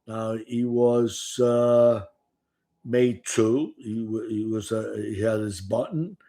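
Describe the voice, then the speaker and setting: A man's voice: fairly low pitch, steady tone, slow, warm tone. An older man telling stories from his past in a rambling, profane, casual way, often saying "you know.". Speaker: former gambler recounting his past. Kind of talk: casual storytelling.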